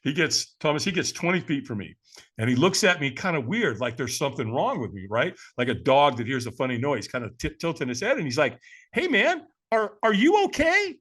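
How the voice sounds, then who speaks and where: Animated, bright-voiced older storyteller man. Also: mid-range voice, brisk, husky. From California, USA. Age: 70s. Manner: lively, acts out quoted voices, says "man" often. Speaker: podcast guest.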